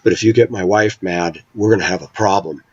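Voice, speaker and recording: A man's voice: low-pitched, fairly quick, breathy edge, no room sound. A man playing his younger male cousin, who answers in a curt, warning tone. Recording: dull, dry lo-fi sound.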